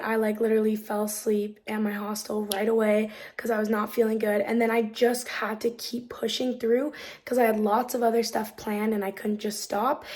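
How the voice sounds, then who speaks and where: A woman's voice: on the high side, darkish tone. Chatty young woman vlogging. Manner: chatty, upbeat, lots of fillers like "um" and "like". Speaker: travel vlogger. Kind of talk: casual vlog chat to camera. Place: hostel room, indoors.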